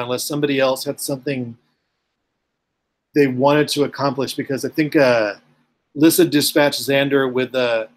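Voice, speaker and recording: A man running a tabletop game as game master, rambling with many ums and uhs. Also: mid-range voice.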